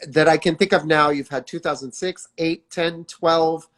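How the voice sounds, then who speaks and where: A man's voice: a little high, steady tone, normal speed. A man hosting an interview who reacts with eager, impressed enthusiasm and asks questions in a casual way. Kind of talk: conversational interview.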